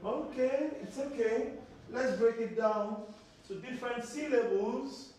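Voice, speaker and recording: Slow, patient teacher. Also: male voice, very high voice, darkish tone. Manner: patient, drills words by repetition and questions. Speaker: language teacher. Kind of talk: children's language lesson. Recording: very echoey room, voice from far off.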